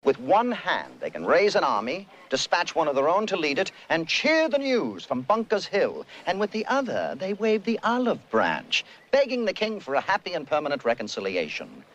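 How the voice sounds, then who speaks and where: An actor playing a blunt, loud, impatient revolutionary statesman in a musical film clip, exasperated and shouting. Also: fairly high pitch, wildly swooping pitch, normal speed, hardly any pauses, dull audio. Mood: indignant. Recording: film clip with faint ambience.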